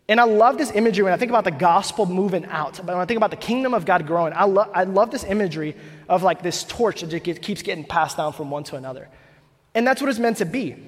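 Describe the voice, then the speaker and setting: A man's voice: high-pitched, fairly quick. A young man preaching a sermon on stage in a casual, conversational way, full of "like", building to emphatic points. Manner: casual, fillers of "like", rising to emphatic. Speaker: preacher, church planter. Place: church stage. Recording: long hall reverb.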